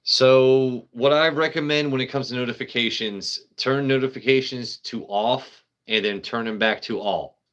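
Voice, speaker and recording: A man's voice: mid-range voice, moderate pace, hardly any pauses, fairly bright tone, dull audio. Rambling, joking man live-streaming. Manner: rambling, joking, swears casually. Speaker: livestream host. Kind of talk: casual live-stream chat.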